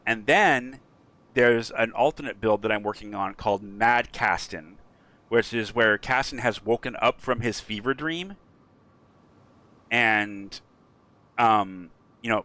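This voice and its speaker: A man's voice: mid-range voice, a little slow. A man streaming a game who rambles through a story in a casual way, with lots of fillers. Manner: rambling, frequent fillers, animated.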